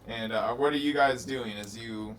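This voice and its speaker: Rambling game master off mic. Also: male voice, mid-range voice, normal speed, recorded from a distance. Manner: loose, rambling narration with fillers and restarts. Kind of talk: narrating a tabletop game. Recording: noisy recording from off mic.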